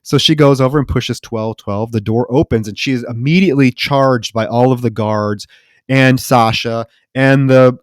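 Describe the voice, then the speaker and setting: Male podcast co-host, dry close sound, animated storyteller. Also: medium pitch, moderate pace, no room sound. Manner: animated retelling, acts out characters' lines. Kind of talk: casual film recap.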